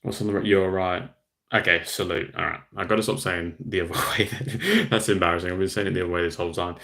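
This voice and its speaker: A man's voice: low-pitched, fairly even intonation, fast, creaky, sharp tone. A young Australian man from Western Australia hosting a casual livestream, chatting easily and reading out and answering viewer comments. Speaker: livestream host.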